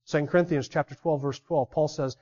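High-voiced preacher asking rhetorical questions. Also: male voice, steady tone, fairly quick, a little mellow. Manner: emphatic, asks the audience many rhetorical questions. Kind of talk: expository sermon. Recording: dull lo-fi sermon recording.

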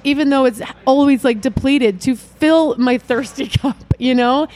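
A woman's voice: high-pitched, measured pace, darkish tone. Bubbly rambling middle-aged woman. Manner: bubbly, rambling, laughs often. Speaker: guest, event organizer and mother. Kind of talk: casual interview chat.

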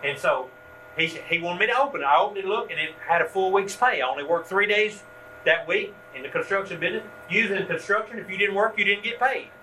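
A man leading a church workshop, telling a story in a folksy, animated way and closing with prayer. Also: high voice, quick pace. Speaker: ministry workshop leader. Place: meeting room at a church event. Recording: distant mic with steady hum.

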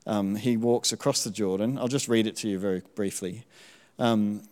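A middle-aged man with a lowish voice shares his testimony from the pulpit. He talks in a relaxed, self-deprecating way, with plenty of ums. His voice rings out with a long reverb across a church hall. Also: normal speed. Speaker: church speaker sharing testimony. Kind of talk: sermon testimony.

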